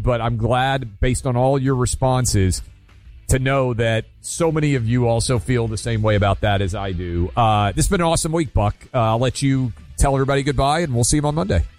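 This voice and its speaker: A man's voice: mid-range voice, a little fast, darkish tone, faint music behind. A man hosting a talk radio show, friendly and chatty, often stopping to restart his sentences. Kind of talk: casual radio chat.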